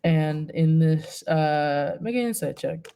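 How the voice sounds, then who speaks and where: A woman narrating a tabletop game as game master, hesitant, with many pauses and fillers. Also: deep voice, lively intonation, creaky, warm tone, clear, resonant tone.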